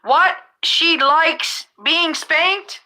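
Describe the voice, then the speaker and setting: High, bright, unhurried middle-aged woman. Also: low-quality recording. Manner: rambling, restarts mid-sentence, chatty. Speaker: rideshare driver and podcast host. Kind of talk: casual chat.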